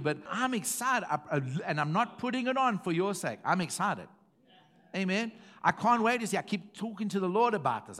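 Pastor, middle-aged man, slightly high voice, preaching with repetition and sudden bursts of volume. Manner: emphatic, repeating phrases, swings from hushed to loud. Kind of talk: sermon.

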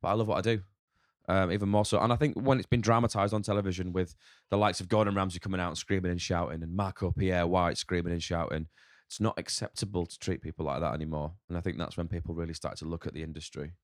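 A man's voice: low voice, fairly even intonation, quick pace, no echo, studio quality. A man with a northern English accent, a chef talking frankly in a casual podcast interview, swearing a lot and rambling. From north of England. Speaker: chef guest.

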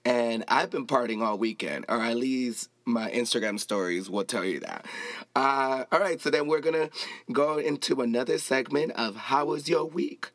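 A man's voice: medium pitch, moderate pace, dry recording. Male podcast host from Los Angeles, casual and chatty with playful asides, recorded dry. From Los Angeles, United States. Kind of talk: casual solo podcast chat.

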